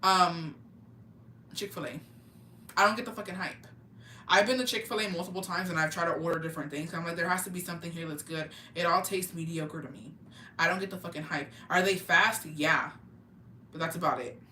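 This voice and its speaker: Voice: mid-range voice, brisk, long pauses, distant mic, slight background noise. A young adult, chatting casually on a podcast and telling stories with lots of swearing, slang and Spanish words. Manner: profane, animated storytelling with slang and Spanish words. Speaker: podcast co-host. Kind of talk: casual chat. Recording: roomy, off-mic with faint ambience.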